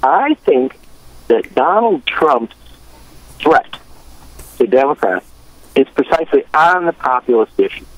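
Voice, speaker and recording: A man giving earnest, measured political analysis as a guest correspondent. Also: medium pitch, big pitch swings, no room sound, low-quality recording.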